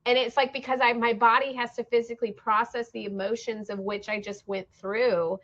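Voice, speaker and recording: A woman with a somewhat high voice speaks earnestly as a podcast host, reflecting openly in a relaxed conversation. The recording sounds a little dull and muffled. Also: fairly quick. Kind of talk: casual conversation.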